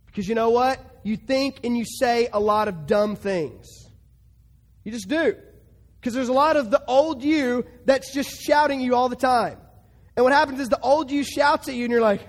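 A male pastor delivers a sermon with a notably high voice, swinging between hushed, drawn-out lines and sudden loud emphatic bursts. His words ring out with a long reverb tail, as if in a large hall.

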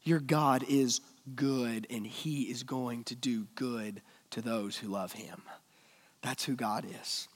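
A male preacher giving a sermon, swinging between loud emphatic lines and hushed, almost whispered ones. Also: mid-range voice, slow, hardly any pauses, in a large hall.

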